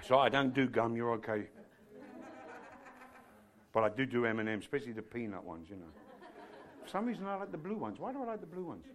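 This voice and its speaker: A man preaching a sermon, swinging from loud shouted passages to quiet, chatty, humorous asides. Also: mid-range voice, very animated, brisk, pauses often. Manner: tells stories with humor.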